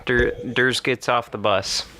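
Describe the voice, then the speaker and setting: A young adult man co-hosting a podcast, chatting casually and telling animated stories with frequent laughs. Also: medium pitch, a little slow, noisy background. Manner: animated storyteller, laughs often. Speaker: podcast co-host. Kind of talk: casual chat.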